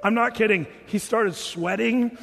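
Animated high-voiced preacher in a big reverberant hall. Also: male voice, a little slow, creaky. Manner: animated, chatty, laughing at his own stories. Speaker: pastor. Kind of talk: sermon storytelling.

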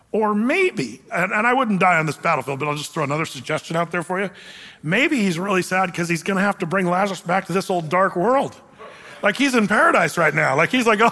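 A man's voice: sits high, sharp tone, big-room sound. A man preaching a sermon in a casual, conversational way, with joking asides. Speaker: pastor.

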